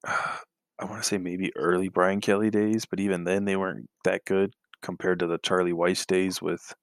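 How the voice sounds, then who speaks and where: A man's voice: sits low, flat delivery, normal speed, dry recording. A man co-hosting a casual sports podcast, talking hesitantly with lots of fillers and sighs.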